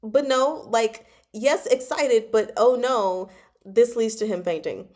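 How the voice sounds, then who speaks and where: A woman with a slightly high, darkish voice speaks slowly while hosting a casual book chat. Bubbly and giggly, she retells scenes from a novel and performs the dialogue in playful voices.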